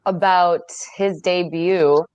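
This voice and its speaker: A woman's voice: lowish voice, steady tone, slow pace, darkish tone, clear, resonant tone, no echo, muffled recording. Chatty young woman, dry close sound. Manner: laughs often, chatty and candid. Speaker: wrestler guest. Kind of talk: casual interview chat.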